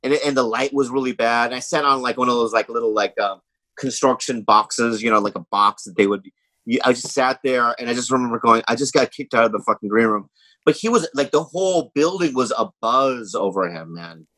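A man's voice: mid-range voice, fairly quick, sharp tone, no room sound, poor audio. Guy on a podcast rambling thru stories, lots of ums and likes, doing little voices of people, dry close mic. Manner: rambling storytelling with many fillers; acts out other people's voices in anecdotes. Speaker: podcast guest, comedian. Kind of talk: casual chat.

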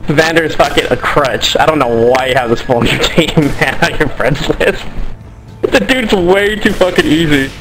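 A man's voice: a little high, normal speed, music in the background, poor audio. A man trolling other players over voice chat, taunting and boastful. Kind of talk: profane gaming voice chat.

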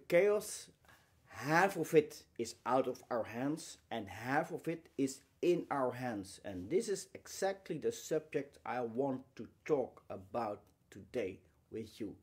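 With a mid-range voice that is a little mellow and slightly rough, this man gives an emphatic, motivational lecture. He pauses between short phrases, asks rhetorical questions, and repeats key words.

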